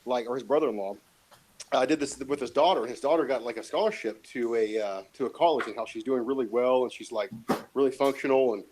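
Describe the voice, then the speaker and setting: A man's voice: medium pitch, fast talker, a little mellow, a little hiss or hum, low-quality recording. A man in casual chat, rambling and opinionated, with lots of fillers and swearing.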